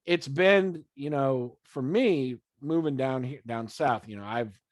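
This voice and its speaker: A man's voice: medium pitch, slow, dry recording. A man interviewing a band in casual chat, swearing freely, laughing often and acting out scenes in quoted voices. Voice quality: swears freely, animated storytelling. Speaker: podcast interviewer.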